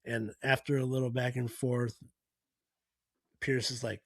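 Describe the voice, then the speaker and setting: A man's voice: medium pitch, little pitch movement, a little slow, long pauses, no echo. A man hosting a podcast, recapping events in a casual, rambling way with plenty of fillers and restarts. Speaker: podcast host.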